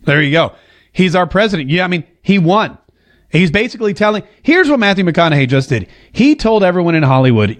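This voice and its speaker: A man hosting a casual political commentary show to camera, animated and jokey, slipping into a drawl when he quotes someone. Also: high voice, a little fast. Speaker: host. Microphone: talking to a camera.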